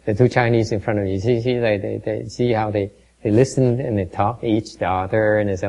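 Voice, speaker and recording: Gravelly-voiced man teaching meditation. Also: on the low side, fairly even intonation, dark tone, low-quality recording. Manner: halting, many fillers, quizzing and teasing the audience. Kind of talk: dharma talk to a class.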